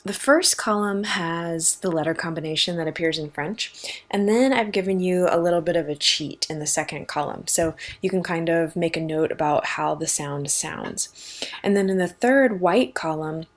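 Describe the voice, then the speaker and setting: A woman's voice: fairly low pitch, moderate pace. A young woman, a French teacher, giving a casual and upbeat beginner lesson in a chatty, informal way. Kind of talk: casual online language lesson.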